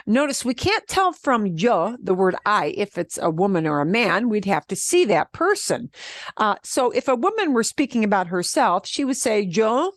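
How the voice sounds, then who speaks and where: A woman teaching a beginner Spanish class, explaining step by step in an animated way and laughing often. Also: medium pitch, no echo. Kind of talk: beginner language lesson.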